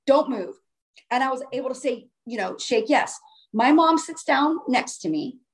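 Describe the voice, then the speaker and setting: Earnest woman with a high voice. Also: animated, normal speed. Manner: earnest and emphatic, often restarting phrases. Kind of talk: casual first-person storytelling.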